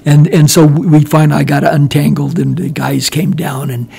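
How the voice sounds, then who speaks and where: An older man tells a long story in relaxed conversation, his voice gravelly and husky. He rambles and restarts his sentences often, and he chuckles as he goes. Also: a little high, normal speed. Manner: rambling, restarts often, laughs while telling. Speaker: guest veteran storyteller. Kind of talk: casual storytelling chat.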